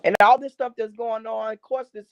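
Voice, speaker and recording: Speaking a little fast in a steady, somewhat high voice, this middle-aged gospel singer and drummer shares her faith testimony as a guest in a casual interview. She's emphatic and preachy, circling back to key phrases, and the recording is dull, dry and lo-fi.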